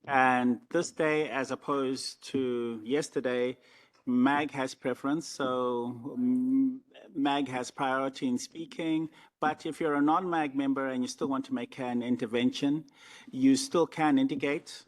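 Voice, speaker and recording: A man giving procedural announcements at the opening of a formal meeting, measured and instructive, with some fillers. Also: mid-range voice, steady tone.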